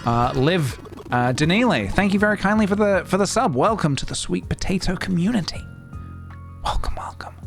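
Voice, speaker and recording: A man's voice: high-pitched, lively intonation, brisk, gravelly, over music. A man in his thirties chatting casually on a live stream, playful and rambling as he talks himself through his work. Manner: playful, rambling, talking to himself while working.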